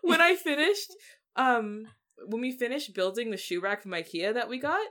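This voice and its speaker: A woman's voice: a little high, lively intonation, normal speed, a bit bright. A woman co-hosting a podcast in easy, casual chat. She tells stories with animation and acts out her own remarks. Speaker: podcast co-host.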